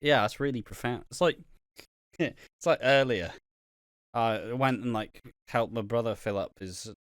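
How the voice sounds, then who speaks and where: A man's voice: medium pitch, measured pace, dry recording, studio quality. A man co-hosting a podcast in casual, rambling chat, swearing freely and laughing often. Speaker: podcast co-host.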